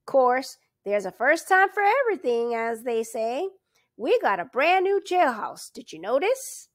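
A small-town constable with a folksy drawl, put on by a woman reading aloud. He talks slowly and loudly, his voice swinging up and down as he grumbles. The sound is close and dry. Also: sits high, big pitch swings, no room sound, voice pushed up, full character voice. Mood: folksy grumbling. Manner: folksy drawl, loud and suspicious. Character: chatty grumbling rural male constable, middle-aged.

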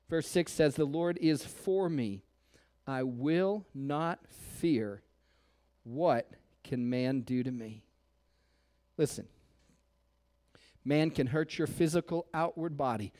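High-voiced preaching man, hushed to loud. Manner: preaches with sudden drops to near-whispers and rising calls; rhetorical questions to the congregation. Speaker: pastor. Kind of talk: sermon. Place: church.

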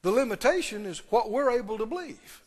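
A man delivers a sermon in a notably high voice, pressing his points by repeating them and asking the congregation direct questions. His voice rings with the long reverb of a large meeting hall. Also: lively intonation, brisk. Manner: emphatic, repeating key phrases and questioning the audience. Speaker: pastor.

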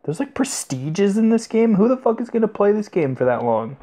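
His voice is high-pitched, sing-song, and warm, moving at normal speed. This young man casually commentates a mobile game for a let's-play, cursing often and giggling in disbelief.

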